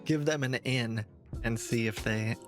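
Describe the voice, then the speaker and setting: A man's voice: medium pitch, unhurried, music in the background. A man streaming, casually planning aloud with a friend and laughing often. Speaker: streamer, scam baiter. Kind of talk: casual chat.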